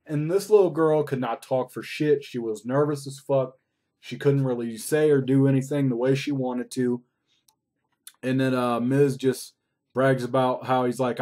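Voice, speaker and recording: A man's voice: mid-range voice, steady tone, moderate pace, warm tone. A man recapping a wrestling show in a casual, rambling way, swearing often. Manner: profane, rambling play-by-play.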